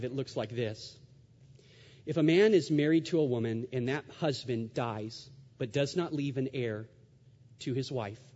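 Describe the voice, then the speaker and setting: A male pastor delivering an animated sermon, slipping into quoted voices with sudden rises and drops in loudness. His voice sits fairly high and has a husky edge. It rings out in a large hall with long reverb, heard through a muffled, dull recording. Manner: animated, acts out quoted voices with big swings in pitch and volume.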